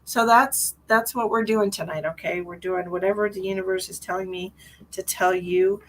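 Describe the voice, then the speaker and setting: A woman in her forties, a psychic medium chatting on a live stream, rambling and gushing, often laughing and breaking into high excited greetings. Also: normal speed, a little hiss or hum, rough recording. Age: 40s. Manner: frequent restarts and fillers, sudden high excited greetings. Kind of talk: live-stream psychic reading, casual chat.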